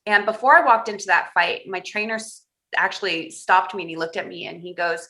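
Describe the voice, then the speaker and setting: Bright-voiced woman telling a candid story. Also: lowish voice, a little fast. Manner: candid, animated storyteller who laughs through hard memories. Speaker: podcast guest. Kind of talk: podcast interview storytelling.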